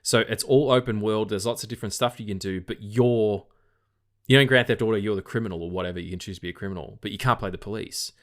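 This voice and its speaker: Tired Australian man, low-voiced. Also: fast talker. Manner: rambling, repeats words, swears casually. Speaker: podcast co-host. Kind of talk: casual film podcast chat.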